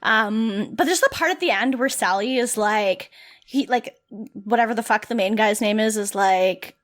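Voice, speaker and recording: A young woman co-hosting a podcast in casual chat, animated and sweary, with lots of "like" fillers. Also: medium pitch, normal speed. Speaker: podcast co-host.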